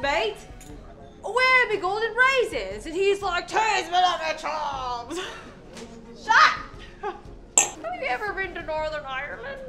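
Woman putting on a loud fake girl. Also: extremely high pitch, voice pushed up, full character voice. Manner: loud, rowdy, drawn-out words. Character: American woman faking a loud British girl.

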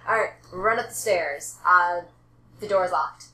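A woman narrating as game master in a casual, teasing way, with many fillers and pauses. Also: lowish voice, pushed and bright. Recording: echoey room.

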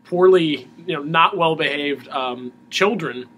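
A man with a bright, forceful voice pitched a little high chats casually as a musician guest. He talks in halting bursts and often restarts his sentences. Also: a little hiss or hum. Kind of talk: casual interview chat.

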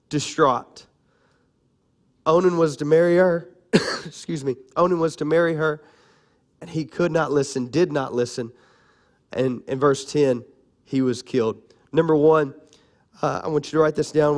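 A man, preaching a sermon in a joking, conversational way and sounding a little hoarse. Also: fairly high pitch. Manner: animated, conversational and joking, lively shifts between loud and soft. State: raspy from cough medicine and little sleep. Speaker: pastor.

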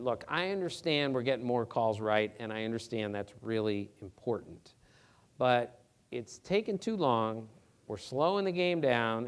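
Middle-aged guy fielding crowd questions on stage, earnest, jumps up high when he gets worked up. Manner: animated, earnest, emphatic with rhetorical questions. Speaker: sports reporter answering audience questions. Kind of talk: live Q&A talk. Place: theater stage before an audience.

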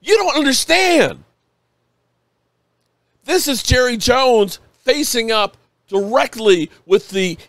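A man's voice: high-pitched, no room sound. A man live-streaming, emotional and a bit tipsy, rambling and swearing as he rants with emphatic bursts.

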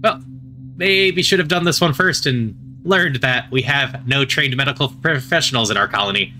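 A man reading a visual novel aloud as narrator, steady and gentle, with casual asides of his own. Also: mid-range voice, normal speed. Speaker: narrator and player. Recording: faint music behind the voice.

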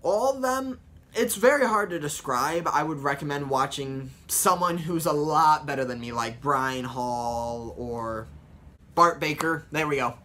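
A man's voice: fairly high pitch, unhurried, fairly bright tone. A young man in his late teens chatting casually as a vlogger about voice impressions, rambling and upbeat with lots of fillers. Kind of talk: casual tutorial chat.

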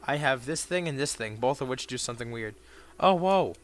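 A man giving profane gameplay commentary, muttering dry asides and bursting into shouted insults at enemies. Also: medium pitch, quick pace, soft background music. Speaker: let's play gamer.

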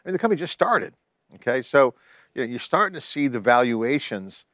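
A man's voice: medium pitch, very animated, a little fast, fairly bright tone, no echo. A man co-hosting a podcast, talking in a rambling, chatty way and restarting phrases. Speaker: podcast co-host. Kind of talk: casual tech chat.

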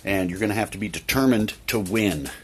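A man's voice: fairly low pitch, fairly quick, breathy edge. A man vlogging casually by an open door while it rains, chatty and repetitive with many ums. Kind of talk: casual talk to camera. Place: indoors by an open door, rain outside. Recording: light rain noise behind. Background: rain.

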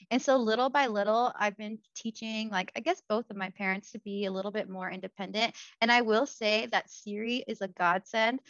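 A woman's voice: mid-range voice, fairly quick, few pauses, dry recording. A woman therapist from the United States in a casual podcast chat, telling family stories and acting out the voices of the people in them. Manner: animated storytelling, acts out dialogue. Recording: muffled lo-fi audio.

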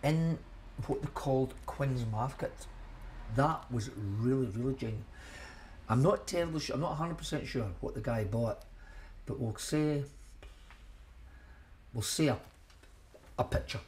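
Interviewed for a documentary, a Scottish shellfish shop owner in his seventies looks back on decades behind the counter. His middle-pitched, darkish voice is a little slow with frequent pauses, and he rambles amiably, repeating himself and chuckling at memories. Faint ambient noise hums in the background.

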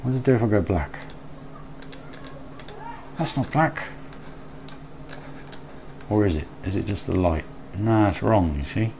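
Male streamer, deep voice, easygoing chat with viewers, thinks aloud, faint background noise. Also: animated, measured pace, creaky, long pauses, darkish tone. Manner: chatty, reads and answers chat aloud, mutters while working. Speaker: live streamer. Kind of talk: casual live-stream chat while building in a game.

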